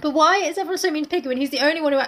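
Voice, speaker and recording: A woman's voice: high-pitched, fairly bright tone. A woman co-hosting a casual podcast, cutting in with teasing jokes and mock outrage. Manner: teasing, quick jokey interjections, mock outrage. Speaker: podcast co-host. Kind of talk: casual chat.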